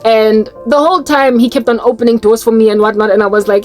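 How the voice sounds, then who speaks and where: Animated South African woman, high voice. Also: moderate pace, faint music behind. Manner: animated, breaks into laughter, slips into Tswana and Zulu words. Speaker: Christian YouTuber. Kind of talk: casual storytelling to camera.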